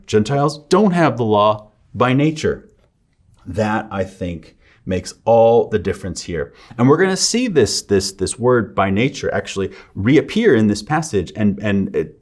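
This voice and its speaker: Lower-pitched man giving a conversational scripture lecture. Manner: conversational, asks rhetorical questions, often tags "right?". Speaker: seminary lecturer.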